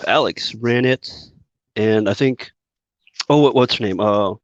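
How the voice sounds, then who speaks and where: A man's voice: lowish voice, measured pace, no echo, highs cut off. A man from California co-hosting a podcast, talking in a laid-back, casual way. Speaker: podcast co-host. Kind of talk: casual chat.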